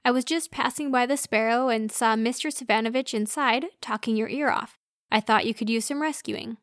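A woman's voice: on the high side, moderate pace, no echo, studio quality, lightly acted. A woman voicing a playful, teasing young man in a read-aloud story. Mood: easygoing.

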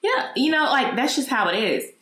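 A woman hosting her own podcast, telling a personal story in a candid, animated and profane way. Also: high voice, moderate pace, reverberant. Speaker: podcast host.

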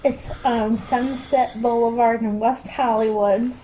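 Quiet, slow-talking woman. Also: fairly high pitch, steady tone, slight background noise, poor audio. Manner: quiet, soft-spoken, brief replies. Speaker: podcast co-host. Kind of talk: casual chat.

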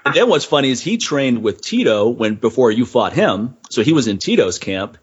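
A man's voice: mid-range voice, very animated, moderate pace, breathy edge, lo-fi sound. A man hosting a casual interview, asking friendly questions and recapping his guest's stories. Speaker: podcast host.

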